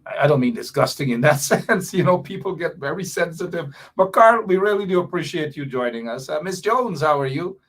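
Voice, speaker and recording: A man hosting a live political talk show, chatty and animated with laughing asides. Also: on the high side, brisk, few pauses. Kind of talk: casual live-show chat.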